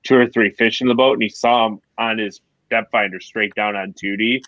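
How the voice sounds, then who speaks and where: A man's voice: fairly low pitch, fairly even intonation, brisk, fairly bright tone, no room sound. A man from New York guesting on a fishing podcast, rambling through stories in a thoughtful way. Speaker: guest angler. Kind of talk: casual podcast chat. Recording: dull dry lo-fi audio.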